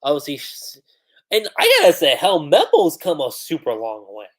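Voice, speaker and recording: A man's voice: fairly high pitch, wildly swooping pitch, normal speed. A man casually talking through comic events on a livestream, chatty, with lots of "like". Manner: chatty, with filler "like" and laughs. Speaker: livestream host. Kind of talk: casual fan commentary on a comic.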